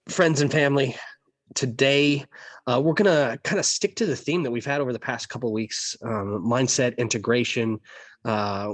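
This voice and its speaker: A man's voice: medium pitch, no echo. An American man co-hosting a casual podcast, easygoing and loose in his speech. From United States. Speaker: podcast co-host.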